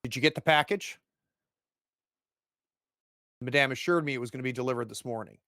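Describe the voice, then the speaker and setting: A man's voice: medium pitch, a little fast, no room sound, clean studio sound. A man doing a domineering, furious rich father. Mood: cold. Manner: cold, commanding, shouting threats. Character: domineering wealthy older father, cruel and angry.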